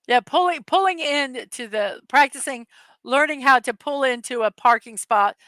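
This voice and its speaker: A woman's voice: high-pitched, normal speed, fairly bright tone, no room sound. A middle-aged woman hosting a casual morning chat show, telling rambling stories and laughing often. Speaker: host.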